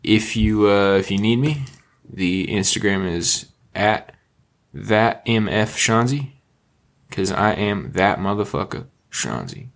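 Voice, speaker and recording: A man's voice: on the low side, expressive, slow. A man co-hosting a casual podcast, laid-back and joking, with dry little asides. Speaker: podcast co-host.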